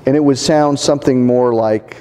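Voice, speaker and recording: A man preaching a sermon as pastor, in a measured delivery that builds to an impassioned, rousing pitch. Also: darkish tone, clear, resonant tone, in a large hall.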